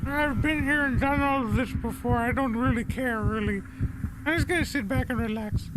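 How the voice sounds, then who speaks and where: A spaced-out, laid-back man who rambles in a drowsy, offhand way, as a man puts him on. His voice sits very high. A steady hiss of noise lies under it. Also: normal speed.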